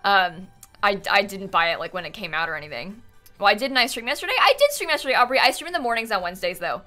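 A woman talks casually on a live game stream with a bright, sharp voice that swings widely in pitch. She rambles in a chatty way, full of fillers, and thanks her viewers by name. Faint music plays behind her. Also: expressive, fast talker. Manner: reads out and thanks chat viewers. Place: at home with her cat.

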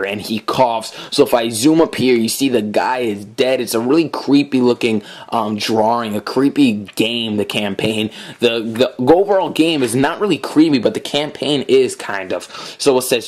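A man's voice: mid-range voice, normal speed. A man giving casual commentary on a video game, reading the on-screen dialogue aloud as he plays. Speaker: gameplay commentator. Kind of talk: let's play commentary.

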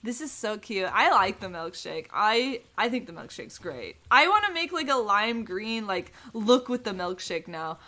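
A woman's voice: medium pitch, sing-song, moderate pace, hardly any pauses, sharp tone. A young woman casually commenting on her gameplay, bubbly and gushing, full of "oh my gosh" and "like". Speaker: gaming YouTuber.

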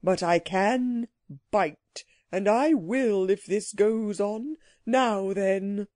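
A woman's voice: mid-range voice, very slow, darkish tone, no echo, studio quality. A woman voicing a grumpy magical sand creature in a children's audiobook, cross and threatening. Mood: angry.

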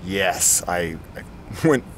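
A man's voice: low-pitched, expressive, drawn-out words, a little hiss or hum. A man vlogging to camera outdoors at a campground, sweaty and exhausted after a long day of riding, upbeat and laughing often. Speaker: cycling vlogger. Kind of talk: casual vlog talk to camera.

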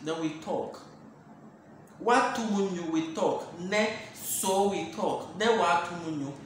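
A speaker from Ghana, a Dangme-speaking language teacher giving an online lesson, repeating each phrase slowly and explaining patiently. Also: medium pitch. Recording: very echoey room, faint hiss.

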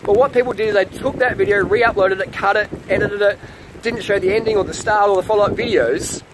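A man's voice: sits high, fairly quick, background noise. A man, ranting defensively to camera in a vlog, swearing and repeating himself in a heated way. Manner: profane, heated, repeating questions. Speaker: vlogger.

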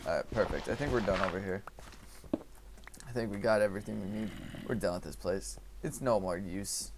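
A man commentating his own gameplay, talking to himself and swinging from quiet mutters to excited shouts. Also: fairly low pitch, fairly quick, background noise. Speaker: gaming youtuber.

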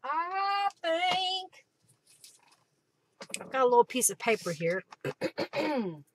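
A woman hosting a live craft stream, chatting casually, thanking viewers by name and often clearing her throat. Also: high-pitched, big pitch swings, takes it slowly.

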